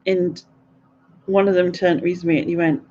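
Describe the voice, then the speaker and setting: A woman's voice: fairly low pitch, fairly even intonation, normal speed, dark tone. Giggly chatty woman, lo-fi. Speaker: live stream host. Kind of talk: casual live Q&A chat.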